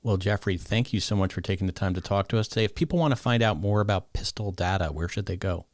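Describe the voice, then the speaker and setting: A man hosting a podcast with a New York accent and a very low voice. He keeps things easygoing, dropping quick affirmations as his guest talks. The sound is dry, with no room around it. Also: no echo. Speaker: podcast host. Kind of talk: casual interview.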